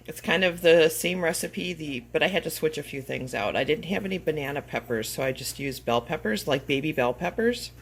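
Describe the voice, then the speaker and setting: A woman's voice: low voice, expressive, fairly quick, few pauses, slight background noise, low-quality recording. A woman chatting casually in a vlog, emotional and rambling with lots of fillers. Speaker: vlogger.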